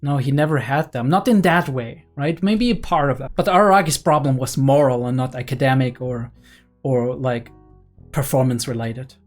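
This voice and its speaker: A young man giving casual anime reaction commentary, excited and analytical, often checking in with "right?" and filler "like". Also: medium pitch, normal speed, faint music behind. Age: young adult.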